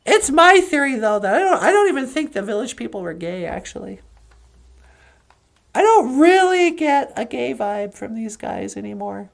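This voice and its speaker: A woman's voice: fairly high pitch, very animated, normal speed, vocal fry. A woman rambling through a comedic story as a cartoon narrator, chatty and offhand. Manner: chatty and rambling, switching into character voices.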